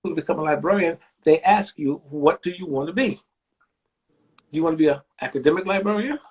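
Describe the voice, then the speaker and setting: A man's voice: a little fast, husky. A man in his sixties, a library director, telling stories in an interview and acting out the voices of the people he quotes. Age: 60s. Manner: animated storyteller, acts out quoted voices with big pitch jumps. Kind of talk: storytelling interview.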